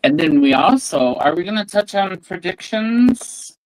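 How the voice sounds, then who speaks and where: A man's voice: sits high, lively intonation, measured pace, poor audio. A man co-hosting a casual livestream, speaking hesitantly with many fillers. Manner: hesitant, filler-heavy, laughs along. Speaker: co-host.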